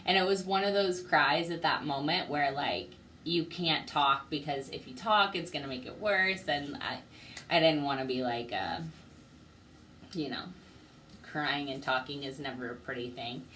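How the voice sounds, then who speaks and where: Young woman vlogger, low and unhurried, heartfelt, faint room hiss. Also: fairly bright tone, low-quality recording. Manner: heartfelt and grateful, speaks through emotion. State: teary. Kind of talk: personal video diary.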